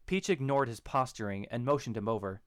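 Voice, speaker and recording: A man narrating a story in a steady, even storytelling manner. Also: mid-range voice, brisk, clear, resonant tone, no room sound. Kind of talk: audiobook narration of a fan story.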